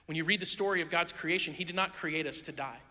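High, bright-voiced pastor preaching in a hall. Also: male voice, fast. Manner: conversational storytelling with playful asides. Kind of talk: sermon.

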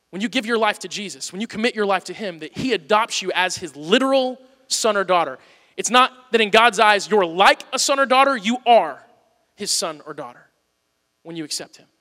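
A man preaching a sermon in a church, earnest, moving between loud urging and quiet pleading. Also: extremely high pitch, long reverb tail. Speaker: pastor. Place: church auditorium.

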